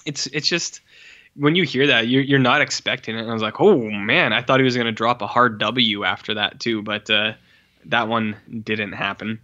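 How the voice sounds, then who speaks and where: A man co-hosting a podcast in loose, casual chat, with a bright, forceful voice. He gets animated, swears freely and acts out lines with big reactions. The sound is dull and lo-fi. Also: mid-range voice, moderate pace. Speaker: podcast co-host.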